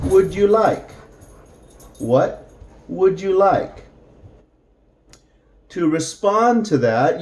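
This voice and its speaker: Very slow-speaking male English teacher. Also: a little high, a little mellow. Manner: speaks very slowly, drawing out example phrases for repetition. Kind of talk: slow English lesson for learners.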